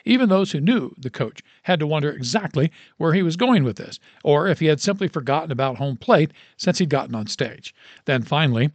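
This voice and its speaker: A man's voice: fairly high pitch, expressive, a little fast, no echo. Man reading a story aloud. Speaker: radio host reading a story.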